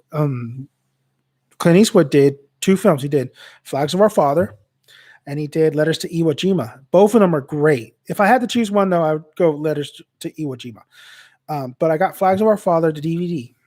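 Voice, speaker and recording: A man's voice: on the high side, no echo, clean studio sound. Rambling young man telling a story. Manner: rambling, animated, many restarts and fillers. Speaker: channel host. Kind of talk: casual livestream storytelling.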